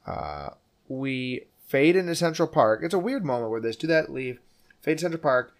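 A man hosts a relaxed movie podcast in a casual, joking tone. He recaps scenes and keeps throwing in quick impressions of the characters. His pitch sits in an ordinary middle range. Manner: jokey, slips into quoted character voices. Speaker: podcast host.

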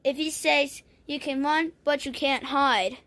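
A woman voicing a toy news anchor in improvised toy play, with a rambling, halting delivery. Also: high voice, steady tone, a bit bright. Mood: urgent.

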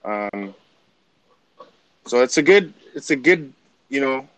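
A man with a German accent co-hosting a podcast, reflective and halting, sometimes searching for the right word. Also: mid-range voice, expressive, a bit bright, no echo, rough recording. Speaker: podcast co-host. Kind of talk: casual chat.

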